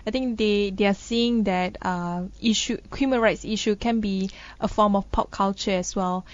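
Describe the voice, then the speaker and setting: A woman's voice: medium pitch, steady tone, moderate pace, no echo. A woman co-host, chatting casually about the news with frequent laughs and a sarcastic streak. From Malaysia. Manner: laughs often, sarcastic banter, thinking aloud with restarts. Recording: dull, dry studio sound.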